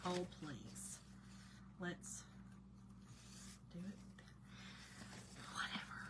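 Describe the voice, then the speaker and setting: A woman hosts a casual live craft demo, chatting and warmly greeting viewers in the chat by name, then often dropping to quiet mutters to herself while she concentrates. Her fairly low voice is expressive, slow and whispered, with frequent pauses, and there is noticeable background noise.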